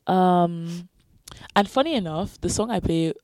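A woman co-hosting a podcast in casual chat, laid-back and often trailing off into quiet mumbles. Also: on the low side, lively intonation, a little slow, dry recording. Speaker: podcast co-host.

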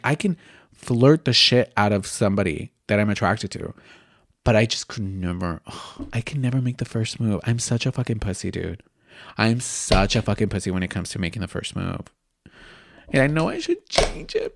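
There's slight background noise as a young man hosts a candid, chatty podcast, speaking at normal speed in a lowish voice with vocal fry. He gushes expressively and at times drops into whispers.

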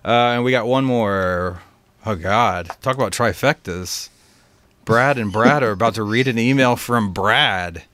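A man's voice: lowish voice, measured pace, a bit bright. A man co-hosting a podcast in casual chat, teasing his co-host in a dry way and swearing casually.

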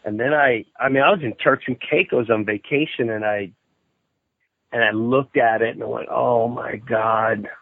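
A man guesting on a podcast by phone, telling a story in a lively way and acting out the voices of the people he quotes. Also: mid-range voice, moderate pace, dry recording. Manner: animated storyteller who acts out quoted voices. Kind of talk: casual phone interview. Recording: tinny phone line, dry.

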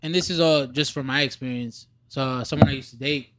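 A man's voice: medium pitch, steady tone, brisk, heavy background noise. A man in casual podcast chat, loose and profane, often restarting his sentences.

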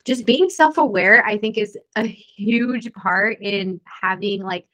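A young adult woman co-hosting a casual podcast chat, lively, laughing often and talking with many fillers. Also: medium pitch, slow pace, low-quality recording. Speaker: podcast co-host.

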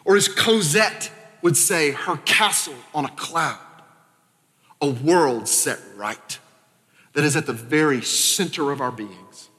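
A man from Arkansas preaching a sermon as a pastor, talking conversationally with quick asides and sudden quiet drops. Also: on the high side. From Arkansas, American South. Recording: long reverb of a church hall.

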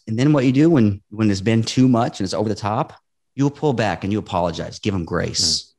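A man with a lowish voice talks in a casual podcast conversation. He is earnest and animated, and he acts out what people said in his stories. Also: fairly quick. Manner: earnest, animated storytelling with acted-out quotes. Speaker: real estate investor guest.

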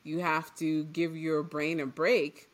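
A woman from Trinidad, chatting casually as a podcast co-host, telling stories and acting out what she once said. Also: deep voice. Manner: animated storyteller, acts out her own past lines, quick asides. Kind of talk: casual chat.

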